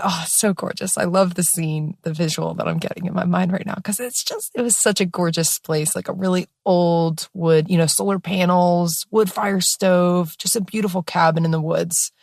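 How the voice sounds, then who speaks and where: A young woman telling a personal story in a casual, expressive way, with lots of fillers and some swearing. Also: lowish voice, gravelly, dry recording, clean studio sound. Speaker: podcast host.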